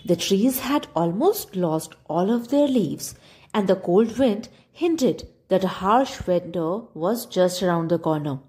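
Woman reading a kids story out loud, very lively tone, lots of ups and downs. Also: mid-range voice, slow. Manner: expressive, addressing kids. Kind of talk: reading a children's story aloud.

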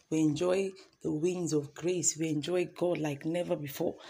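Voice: mid-range voice, fairly even intonation, normal speed, gravelly, hardly any pauses, dark tone, slight background noise. A devotional host leading a morning sermon, fervent and repetitive, calling listeners to repeat affirmations.

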